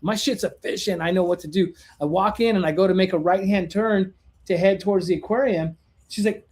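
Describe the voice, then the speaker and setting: A man from California, a podcast guest, telling an animated, lively story and acting out the dialogue in casual chat. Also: high voice, brisk.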